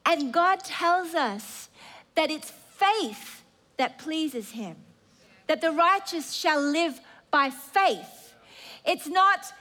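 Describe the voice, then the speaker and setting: A woman's voice: high voice, a bit bright. A woman preacher delivering an earnest sermon with emphatic repetition.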